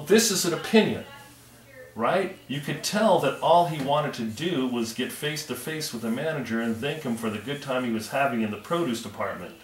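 A man's voice: medium pitch, a bit bright, echoey room, far from the mic, slight background noise. A male teacher reading a story aloud and patiently explaining it to his class.

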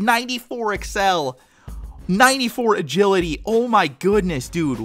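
A young man, a gaming YouTuber, commenting on card pack openings in a casual, excited way and shouting with joy at big pulls. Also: sits high, a little fast, faint music behind. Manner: hyped, exclaims loudly at big pulls; casual, says dude and guys a lot.

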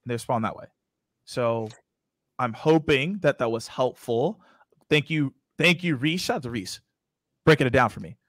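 A man's voice: mid-range voice, moderate pace, pauses often, a bit bright, dry recording. A man giving casual advice in a webinar over a video call, talking loosely and acting out sample lines. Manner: conversational, acts out example lines.

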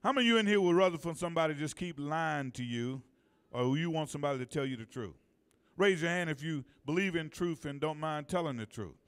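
A pastor preaches in a church sanctuary in a smooth, somewhat bright voice of fairly high pitch. His style is call-and-response, drawing out emphatic phrases and asking the congregation to answer.

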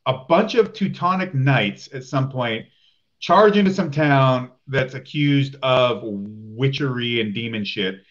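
A man's voice: medium pitch, unhurried. Hesitant film-buff man, dull lo-fi sound. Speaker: guest. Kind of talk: casual chat.

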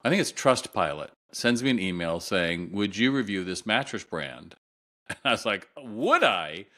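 A middle-aged man tells a story to an interviewer in a low voice that still has a bright, forceful edge. He slips in and out of the voices of the people he quotes and keeps the telling lively. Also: normal speed. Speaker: guest retail consultant.

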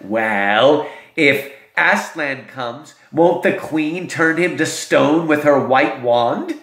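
A man's voice: on the high side, expressive, takes it slowly, fairly bright tone, exaggerated voice. A man reading the lines of a doubtful young boy, asking a worried question in his own voice. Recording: roomy echo.

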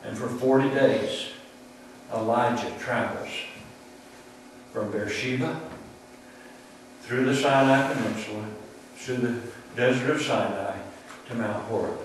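A male preacher delivers a sermon at an unhurried, measured pace, pausing between phrases for effect. His voice carries through a strongly reverberant room, picked up from some distance by the mic. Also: mid-range voice, slight background noise. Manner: slow, deliberate storytelling with dramatic pauses. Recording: very echoey room, distant mic, faint ambience.

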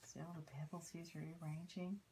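An older woman reading a picture book aloud to children, pausing to point at the pictures and explain. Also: low-pitched, level tone, dark tone, a little hiss or hum, rough recording. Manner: unhurried, stops to point out pictures and teach. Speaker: storybook reader.

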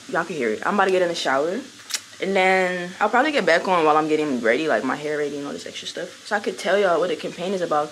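A hoarse young woman vlogging casually in a hotel room, rambling loosely and swearing now and then. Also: on the low side, a little hiss or hum. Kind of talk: casual vlog chat. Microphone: small clip-on mic.

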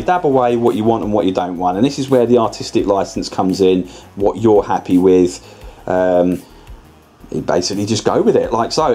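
A man's voice: mid-range voice, dark tone. A man narrating a scale-model tutorial in a casual, chatty way, often restarting and correcting himself as he explains. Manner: rambling, chatty, self-correcting, with many restarts.

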